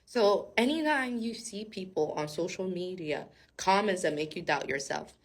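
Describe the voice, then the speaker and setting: A woman giving a casual, animated Bible-story sermon. She laughs often and talks straight to her viewers. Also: lowish voice, moderate pace. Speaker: faith speaker.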